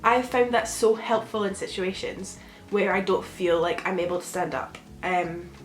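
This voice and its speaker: A young woman speaks in a gentle, reflective, rambling way, sharing casual advice straight to camera. Her voice bounces around a reverberant room. Faint music plays in the background. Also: medium pitch, normal speed. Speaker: vlogger.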